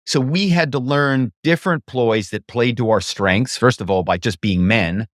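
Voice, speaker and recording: A man tells stories as a podcast guest, animated and slipping into other voices to act out phone calls. His voice sits in a middle register. The recording is dry and close. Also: mid-range voice, moderate pace, dry recording. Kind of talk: casual interview storytelling.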